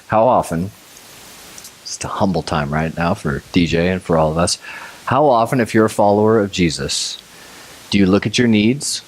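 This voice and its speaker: A man's voice: sits low, normal speed. A man preaching a conversational sermon, telling the story with energy and acting out scenes. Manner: animated storytelling, acts out scenes, chuckles. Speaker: pastor.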